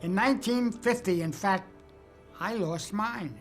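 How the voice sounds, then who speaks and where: A man's voice: high voice, a little slow, fairly bright tone, faint music behind. Older man telling wry career stories. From United States. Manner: wry, anecdotal storytelling with dry jokes. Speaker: cartoonist recalling his career. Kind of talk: documentary interview narration.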